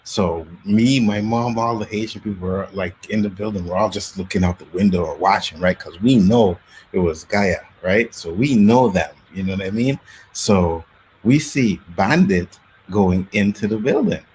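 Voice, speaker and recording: A man hosting a casual talk show, telling street stories from his youth in Canada with lively acted-out quotes. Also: fairly low pitch, normal speed, a little hiss or hum. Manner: animated storyteller, acts out quotes. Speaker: podcast host. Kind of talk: casual storytelling chat.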